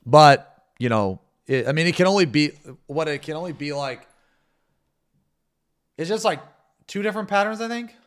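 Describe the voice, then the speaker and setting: A man's voice: on the high side, lively intonation, clear, resonant tone. A man streaming a game live, commenting as he plays and ranting about the fight with heavy swearing. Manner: profane, ranting, quick to shout in frustration.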